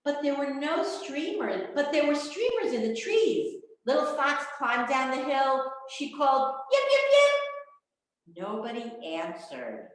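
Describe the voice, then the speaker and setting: A woman reading a children's picture book aloud at storytime, expressive and animated, over a video call. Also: sits high, unhurried, few pauses, very echoey, low-quality recording. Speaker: children's librarian.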